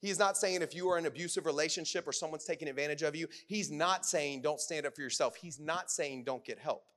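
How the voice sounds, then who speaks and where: A man preaching a sermon in a casual, conversational way, full of fillers, swinging from loud bursts to hushed lines. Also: a little high, fast.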